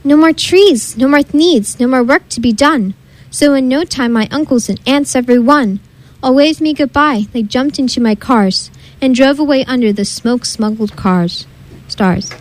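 A woman reads a rhyming storybook aloud in a rhythmic, sing-song way. Her voice sits high. The verses bounce along steadily. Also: normal speed, rough recording. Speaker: reader. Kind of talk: storybook read-aloud in rhyme.

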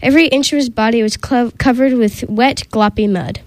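A woman hosting a community radio show and reading a children's picture book aloud, with gentle delivery and small slips and restarts. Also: fairly high pitch, fairly quick, no room sound, low-quality recording.

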